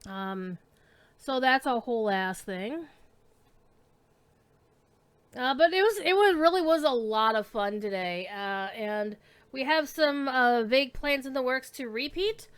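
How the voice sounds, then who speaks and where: A woman's voice: sits high, lively intonation, measured pace, smooth. A woman streaming an online role-playing game, chatting casually to viewers and to her pet, with an easy, swearing-friendly manner. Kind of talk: casual live-stream chat.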